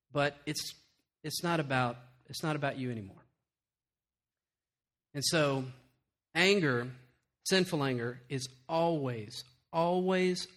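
A middle-aged man preaching with a high, bright, forceful voice. He tells lively stories and acts out the lines of others, then sinks into quiet, earnest emphasis. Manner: animated storytelling, acts out quotes, then drops to quiet earnest tones. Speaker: pastor. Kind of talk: sermon.

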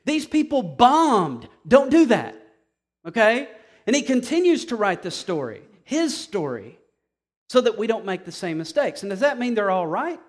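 High-pitched male preacher, casual and punchy sermon delivery. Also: sing-song, normal speed. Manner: emphatic, conversational, swings between quiet and loud.

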